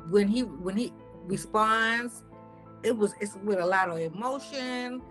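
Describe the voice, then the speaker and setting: A woman's voice: medium pitch, measured pace, a bit bright, soft background music. A woman casually telling her own story in a conversational, hesitant, doubtful way.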